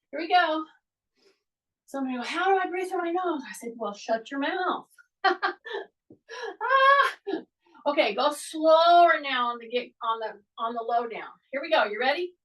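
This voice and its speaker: A woman with a high voice coaching a weighted workout, unhurried and deliberate as she counts reps and cues her breathing. She sounds a little distant from the mic, as if heard from a camera across the room. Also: a bit bright. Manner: encouraging, cueing moves and breaths while exercising. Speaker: fitness instructor. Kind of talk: coaching a live workout class.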